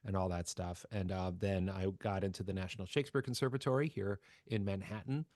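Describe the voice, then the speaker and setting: A man's voice: sits low, fairly even intonation, fairly quick, a little mellow, no echo, clean studio sound. A man from New Jersey, a voice actor guesting on a podcast, telling his story in a chatty, jokey, self-deprecating way. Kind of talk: casual storytelling interview.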